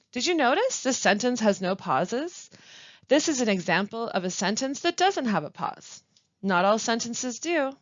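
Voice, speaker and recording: A woman giving a scripted language lesson, reading carefully with marked stress and deliberate pauses. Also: a little high, very animated, no echo. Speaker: language instructor. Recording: dull, slightly lo-fi dry recording.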